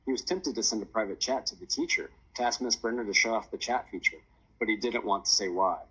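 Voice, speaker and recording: A man narrating a children's chapter book in a lively storytelling voice. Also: lowish voice, fast, husky, poor audio. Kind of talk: audiobook narration.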